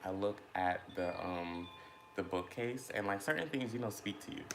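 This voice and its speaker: A man's voice: low voice, moderate pace, background noise. A man chatting casually and reflectively while eating, rambling with many fillers as he thinks aloud about feelings. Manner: rambling, filler-heavy, introspective. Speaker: mukbang vlogger.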